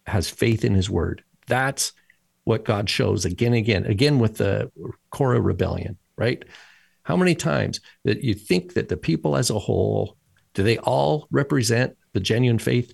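A man's voice: mid-range voice, gravelly, a little mellow, breathy edge, no echo. A man co-hosting a podcast, talking animatedly in a casual religious discussion and quoting people in acted voices. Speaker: podcast co-host.

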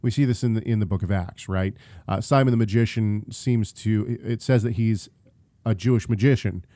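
A man's voice: on the low side, moderate pace, warm tone, no room sound. A man co-hosting a theology podcast, reading listener questions in a casual, hesitant way with frequent ums and restarts. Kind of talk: casual chat about theology.

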